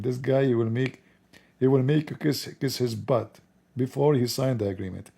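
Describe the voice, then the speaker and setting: Hoarse, gravelly male commentator. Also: medium pitch, normal speed, warm tone. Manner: chuckling, rambling, mocking asides. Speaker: online commentator. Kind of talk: casual spoken commentary.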